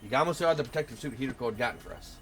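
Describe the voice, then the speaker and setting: Guy reading a visual novel fast with dry asides, game music playing. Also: mid-range voice, expressive, a bit bright. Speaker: let's play host.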